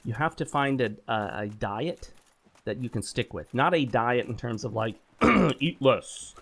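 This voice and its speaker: A man's voice: mid-range voice, moderate pace, a bit bright. A man hosting a gaming channel, chatting casually over gameplay and handing out blunt, opinionated advice, rambling with lots of fillers and self-corrections.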